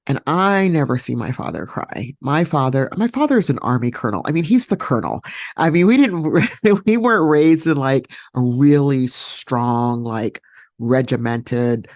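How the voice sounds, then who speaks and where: A woman hosting a podcast, telling a personal story solo in a reflective, unhurried way with many fillers and restarts. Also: a bass voice, lively intonation, a little mellow, no room sound, clean studio sound. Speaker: podcast host.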